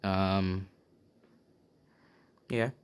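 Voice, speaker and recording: A man's voice: low voice, fairly even intonation, drawn-out words, clear, resonant tone. A man improvising a fan-made story, rambling casually with many fillers and restarts. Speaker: channel host telling a fan story.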